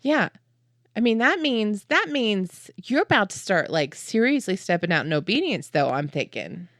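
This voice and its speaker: A woman co-hosting a casual faith podcast, excitable and laughing often as she cheers her friend on. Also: mid-range voice, normal speed, no room sound, clean studio sound. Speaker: podcast co-host.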